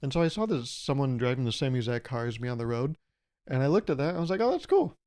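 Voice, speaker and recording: A man's voice: medium pitch, expressive, fast talker, darkish tone. A man hosting a solo podcast, talking casually and playfully, acting out imagined conversations. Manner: playful, rambling, acts out imagined dialogues. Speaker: podcast host. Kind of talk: casual comedic monologue.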